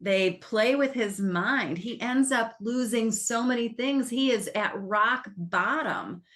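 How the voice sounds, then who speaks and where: A woman's voice: fairly high pitch, takes it slowly. Chatty woman film critic. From United States. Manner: chatty, animated retelling with laughs. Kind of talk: casual film review chat.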